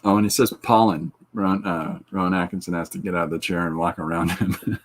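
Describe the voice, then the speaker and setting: A middle-aged man with a low, slightly husky voice hosts a casual podcast, reading out viewer comments. He jokes freely and laughs along with his own retellings. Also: moderate pace. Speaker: podcast host.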